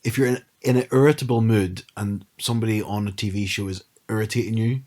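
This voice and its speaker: A man in his thirties co-hosting a podcast, talking in a relaxed, hesitant way full of fillers. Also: lowish voice, quick pace. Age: 30s. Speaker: podcast co-host. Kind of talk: casual chat.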